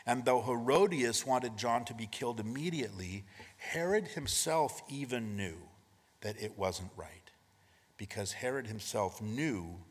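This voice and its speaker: A man preaching a sermon as pastor, in a conversational style with frequent rhetorical questions, moving between emphatic and hushed delivery. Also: lowish voice, breathy edge, big-room sound.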